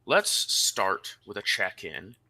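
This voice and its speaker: A man's voice: low-pitched, sing-song, slow pace, vocal fry, bright, forceful tone. A man running a tabletop wargame as game master, narrating in a theatrical, announcer-like way.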